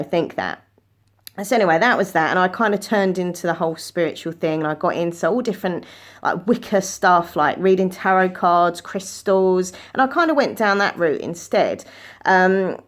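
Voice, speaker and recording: A woman telling a personal story to camera, in an earnest, chatty way, often jumping up in pitch when she quotes herself.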